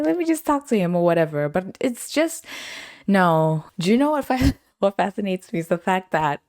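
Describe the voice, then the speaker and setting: A young woman chats through stories from her week on her own podcast. Her voice sits a little low, and she laughs often and acts out what other people said. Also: a little mellow. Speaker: podcast host. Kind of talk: casual storytelling.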